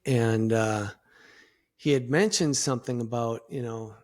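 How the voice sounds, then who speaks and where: A middle-aged man, a podcast guest, speaking reflectively in halting sentences with many restarts. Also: mid-range voice, darkish tone. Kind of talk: conversational interview.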